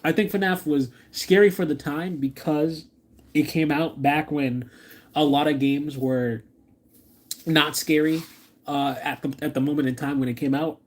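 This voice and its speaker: A man streaming a reaction, rambling and excitable, talking to his chat and restarting his sentences often. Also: a little high, a little slow. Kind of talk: live stream reaction commentary.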